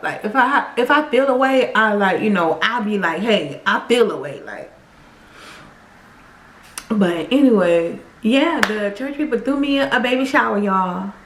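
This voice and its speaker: A woman telling her own story to viewers in a casual, animated way, often speaking to them directly. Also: a little high. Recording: echoey room.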